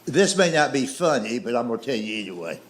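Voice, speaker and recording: Man, stand-up storyteller, animated pitch, folksy drawl. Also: fast talker. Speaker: stand-up comedian. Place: comedy stage with audience laughter.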